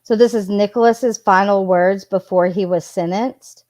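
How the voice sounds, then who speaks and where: A woman's voice: medium pitch, steady tone, normal speed, darkish tone, dry recording. A woman casually reading out text messages and adding her own blunt asides. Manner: chatty, reads messages aloud with asides. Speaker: true crime commentator.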